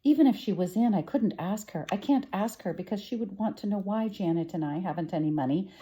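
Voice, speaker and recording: An earnest, old-fashioned young boy from a storybook, coaxing and a little anxious, as a woman reading aloud puts him on. His voice sits higher than the reader's own, with a warm softness. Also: a little fast, lightly acted, rough recording.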